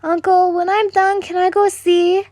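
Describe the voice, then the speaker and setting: A woman voicing a small excitable girl of about four who talks in a high, eager, pleading voice. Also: measured pace, dry recording, studio quality.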